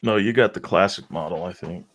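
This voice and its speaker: A man's voice: deep voice, a little fast, muffled recording. A man playing in a tabletop game, describing his character unhurriedly. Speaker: player.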